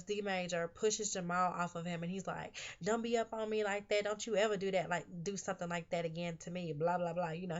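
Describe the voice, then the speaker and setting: A fairly low-voiced woman recaps a TV episode in a loose, chatty way. She is outspoken about what she thinks and fills her talk with "you know". The recording sounds dull and lo-fi. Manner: chatty, opinionated, heavy use of "you know". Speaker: TV episode reviewer. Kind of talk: casual recap and commentary.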